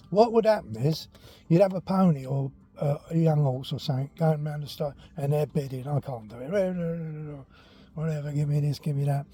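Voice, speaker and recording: An older man telling stories in a loose, rambling voice, with a husky, breathy edge and a dark, mellow tone. He talks casually and now and then sinks almost to a whisper. Faint music plays behind him. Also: a little high. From England. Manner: rambling and chatty, drops to near whispers at times. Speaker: walking vlog host telling childhood stories. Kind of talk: casual storytelling.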